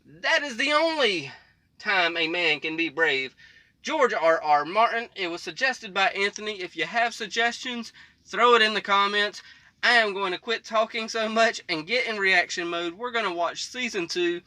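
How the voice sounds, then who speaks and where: A man's voice: high-pitched, normal speed, pushed and bright, dry recording. A man hosting a reaction video from the back of his parked semi truck, chatting casually and rambling with frequent chuckles.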